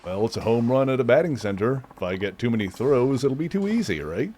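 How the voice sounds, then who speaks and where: A man reading game dialogue aloud as a calm, matter-of-fact tough guy. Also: mid-range voice, a little fast, a little hiss or hum, natural voice. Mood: coaxing.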